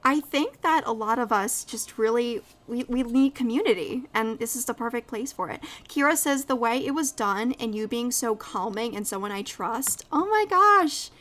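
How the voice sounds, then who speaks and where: A young woman hosting a casual live podcast, effusive and quick to laugh as she asks her guests questions. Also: on the high side. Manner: warm, effusive, laughs often. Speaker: podcast host.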